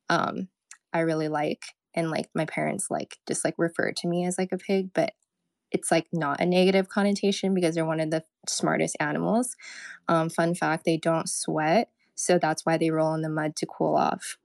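A woman's voice: low-pitched, gravelly, dry recording. A young woman co-hosting a casual online talk show, chatting in a rambling way with lots of fillers. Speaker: co-host. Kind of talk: casual chat.

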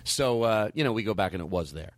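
A man hosting a casual podcast chat, telling a story and acting out the dialogue with lively shifts in his voice. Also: fairly low pitch, fast, dry recording. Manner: animated, acts out quoted dialogue. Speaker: podcast host.

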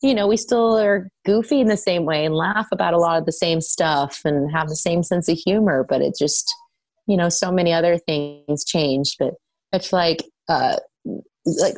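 Lively laughing woman, dry close sound. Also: normal speed, dry recording. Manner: animated storyteller, laughs often, pitch jumps when quoting. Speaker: soap opera actress guest. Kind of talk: casual interview chat.

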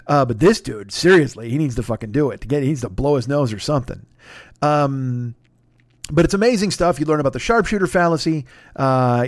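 A man's voice: fairly high pitch, no room sound, studio quality. A man hosting a comedy podcast, reading an ad in a rambling, profane, self-mocking way. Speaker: podcast host. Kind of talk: crude comedic ad read.

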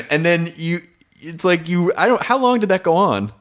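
A man hosting a casual conversation, asking relaxed, curious follow-up questions. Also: high-pitched, moderate pace.

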